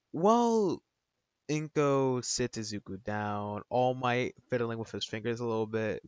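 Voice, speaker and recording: A man's voice: on the low side, dry recording. A man casually retelling a fan story in a rambling, slangy way with many fillers. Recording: dull, dry lo-fi recording.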